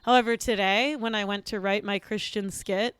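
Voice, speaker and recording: A woman's voice: mid-range voice, fairly even intonation, normal speed, a bit bright, clear, resonant tone. A teenage girl hosting a comedy podcast, earnest and giggly. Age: teens. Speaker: podcast host.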